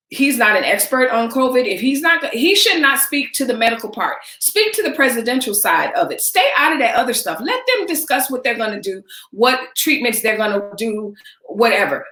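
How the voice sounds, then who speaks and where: Woman, vlog host, casual opinion rant, bright edge to the voice, echoey room sound. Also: medium pitch. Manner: emphatic, talks straight to viewers with repeated phrases. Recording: roomy echo.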